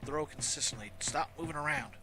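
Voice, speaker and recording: A man's voice: on the high side, a little fast. A man in his thirties chatting casually as he streams a game, rambling and making self-mocking asides. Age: 30s. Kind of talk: casual gameplay commentary. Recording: game music playing behind.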